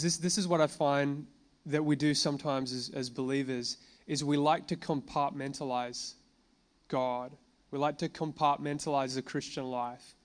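A man preaching to a congregation, reading scripture slowly and then explaining it in a relaxed conversational way, with fillers and questions to the room. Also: mid-range voice. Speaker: pastor. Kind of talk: sermon. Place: church gathering addressing a congregation.

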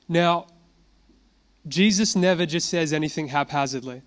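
At normal speed, a man preaches a sermon woven with testimony, telling it in an animated, story-driven way. He drifts into casual asides and chuckles, and his voice sits a little high for a man.

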